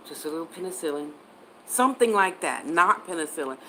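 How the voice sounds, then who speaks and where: A woman's voice: sits low, normal speed, a bit bright, slight background noise, poor audio. A woman on a casual livestream as a psychic reader, chatting and answering viewer comments, sometimes spelling words out.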